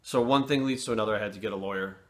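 A man's voice: lowish voice, very fast. A middle-aged man telling a rambling, profane personal story in a casual vlog. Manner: profane, rambling, animated retelling. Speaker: fitness channel host.

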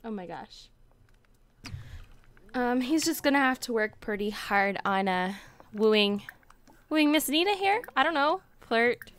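A woman's voice: fairly high pitch, expressive, slow, pauses often, a bit bright. A woman giving casual, joking gameplay commentary, sarcastic and giggly, with the odd swear. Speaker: let's play host.

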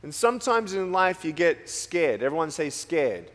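A motivational speaker from Australia talks to students gathered in a large school hall, using a fairly high pitch, a moderate pace, and few pauses. He's a lively storyteller who keeps it playful and jokey.

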